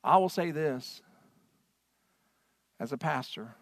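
Guy preaching, kinda high voice, goes big then quiet, dry close sound. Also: takes it slowly, dry recording. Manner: dramatic preaching, swinging from loud to hushed. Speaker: pastor. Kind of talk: sermon.

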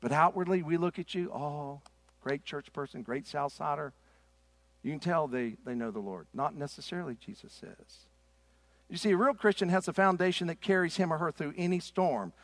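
A middle-aged man preaching a sermon in a church. His delivery is impassioned and swings from loud to hushed. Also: a little high, animated, brisk, no echo. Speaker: pastor. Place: church sanctuary.

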